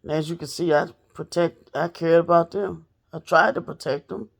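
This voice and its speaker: A woman's voice: on the low side, fairly even intonation, moderate pace, gravelly. A woman telling a personal story straight to her viewers in a casual, blunt, profane way. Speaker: storytelling vlogger.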